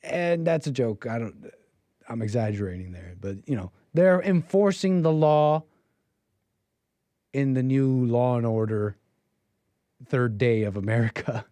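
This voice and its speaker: A man's voice: mid-range voice, unhurried, long pauses, dark tone, no echo. A man hosting a livestream, giving opinionated, mocking political commentary. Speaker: livestream host.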